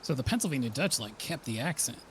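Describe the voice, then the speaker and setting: A man's voice: medium pitch, lively intonation, fast, a bit bright, a little hiss or hum. A man co-playing a survival game on a stream, joking in a dry, self-deprecating way. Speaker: guest co-player. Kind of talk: casual gaming chat.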